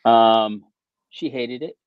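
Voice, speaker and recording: A man guesting on a podcast, talking in a relaxed, rambling way full of "you know". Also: medium pitch, slow, clear, resonant tone, dry recording, phone-quality sound. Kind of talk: casual podcast chat.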